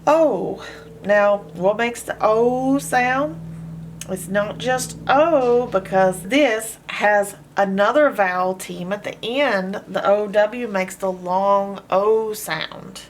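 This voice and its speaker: A woman teaching a phonics lesson, slowly sounding out words and letters, with patient praise. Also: medium pitch, a little hiss or hum.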